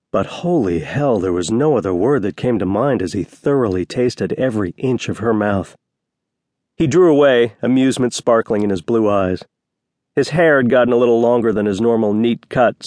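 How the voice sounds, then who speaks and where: A man narrating a romance novel as an audiobook reader, voicing each character with slight shifts of pitch. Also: a little mellow, no room sound, studio quality. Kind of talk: scripted narration.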